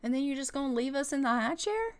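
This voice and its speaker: A woman's voice: high voice, expressive, fast talker. A woman hosting a gaming channel, giving casual gameplay commentary with sassy, exasperated banter and swearing.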